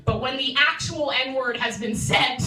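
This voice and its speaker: Bright, laughing woman comic in echoey room. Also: high voice. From New York City. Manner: chatty, self-interrupting, laughs at own jokes. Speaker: stand-up comedian. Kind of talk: stand-up set at an open mic. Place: small comedy room indoors. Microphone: phone livestream from the room. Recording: echoey room, far from phone mic.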